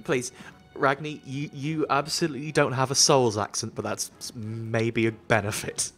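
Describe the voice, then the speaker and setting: A man's voice: medium pitch, fairly even intonation, moderate pace, fairly bright tone, soft background music. A man hosting a gaming stream, chatting in a jokey way and laughing often. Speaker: stream host. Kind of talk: casual gaming chat.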